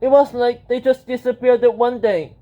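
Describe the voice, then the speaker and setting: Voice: medium pitch, fairly even intonation, moderate pace, warm tone, lightly acted. A storybook reader voicing an eager old man who speaks up urgently, in a dull lo-fi recording.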